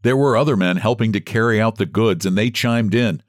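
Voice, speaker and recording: Low-leaning and at a moderate pace with few pauses, this male audiobook reader narrates a scripted story expressively. The sound is dry, studio-quality.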